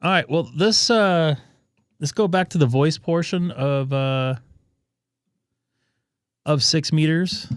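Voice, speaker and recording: A man's voice: fairly high pitch, slow, pauses often, clean tone, dry recording, clean studio sound. A man hosting a ham radio live stream, chatting casually and thinking aloud with plenty of fillers.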